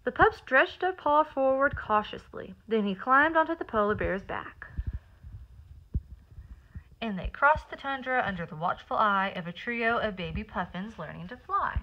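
Woman reading a children's storybook aloud, a bit high, muffled lo-fi sound, faint background noise. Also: lively intonation. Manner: pauses to explain words and count with listeners. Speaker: teacher.

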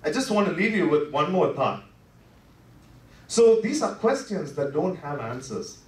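Guy preaching in a church, kinda high voice, chatty with lots of you-knows, sounds far off and echoey like a big sanctuary. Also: very animated, a little slow. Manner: conversational, full of "you know" fillers; swings between soft, low asides and impassioned rises. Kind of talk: Good Friday sermon. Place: church worship center. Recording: echoey sanctuary heard from a distance.

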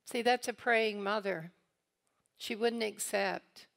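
A mid-range, fairly bright voice with creak moves at a slow pace. The woman, from eastern Kentucky, guest teaches at a church, sharing family stories and laughingly acting out those she quotes.

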